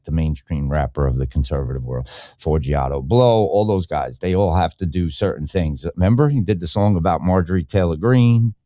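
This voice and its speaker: A middle-aged man riffing loosely on a live podcast, swearing freely and jumping from point to point. His pitch swings widely as he gets worked up, and the sound is close and dry with no room around it. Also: mellow, dry recording. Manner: profane, rambling, fired-up and opinionated. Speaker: podcast host. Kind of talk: casual live-stream rant.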